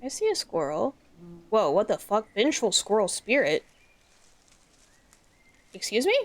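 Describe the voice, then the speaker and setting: A woman's voice: medium pitch, a little slow. A woman streaming a horror game, talking in a casual, rambling way with lots of fillers and the odd swear. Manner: rambling and excitable, swears freely. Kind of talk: casual gameplay commentary.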